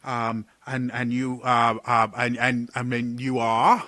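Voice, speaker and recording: A man's voice: mid-range voice, little pitch movement, slow pace, pushed and bright, dry recording, pitched above the performer's own voice. A man voicing a stuffy male advisor who gets flustered, stammers and speaks formally.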